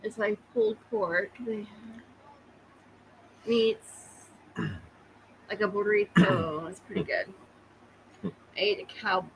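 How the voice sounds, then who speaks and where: A woman's voice: medium pitch, fairly even intonation, slow pace, pauses often, a bit bright, slight background noise, rough recording. A woman from Oklahoma co-hosting a casual live podcast, teasing and laughing often. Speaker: podcast co-host.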